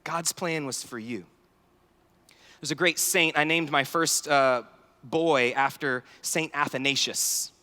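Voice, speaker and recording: A man in his thirties giving an animated, story-filled talk at a youth conference, acting out dialogue. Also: on the high side, slow pace. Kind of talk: sermon-style talk with stories. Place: large conference hall. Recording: large hall reverb.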